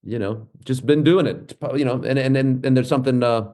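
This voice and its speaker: A man in his forties talks as a podcast guest, a comedian who tells stories with lively energy. He swears freely and slips into acted-out voices as he goes. His pitch sits in the middle range. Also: a little fast. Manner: animated storyteller who swears freely and acts out quotes. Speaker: guest comedian and clown performer. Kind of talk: casual podcast chat.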